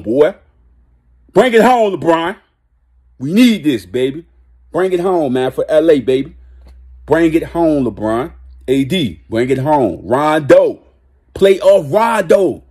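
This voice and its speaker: A man giving a casual, animated basketball rant to his viewers, dropping into a low drawl and then shouting out names. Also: breathy edge. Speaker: sports vlogger.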